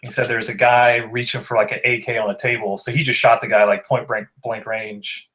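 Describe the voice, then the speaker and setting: A man's voice: medium pitch, flat delivery, a little fast, a bit bright, low-quality recording. Rambling man telling a story. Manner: rambling, heavy on "like". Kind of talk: casual storytelling chat.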